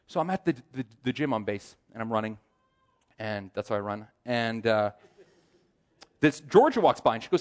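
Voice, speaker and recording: A man's voice: medium pitch, quick pace. A man telling a personal testimony as a sermon, acting out the voices of the people in his story. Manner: animated storyteller, acts out quoted voices. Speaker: aspiring chaplain giving a testimony.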